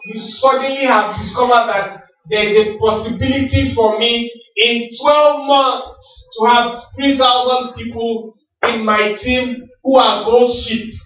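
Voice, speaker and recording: A man with a high voice gives a motivational rally talk. He preaches in rhythmic questions that he answers himself. He sounds distant in a very echoey hall, and the sound is muffled. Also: a bit bright. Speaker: motivational speaker at a business rally.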